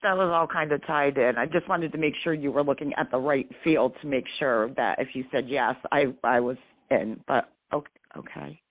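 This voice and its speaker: A woman's voice: a bass voice, normal speed. A woman calling in to a radio show, apologetic and chatty, laughing easily. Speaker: caller. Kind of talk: phone call to a radio show. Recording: tinny phone line.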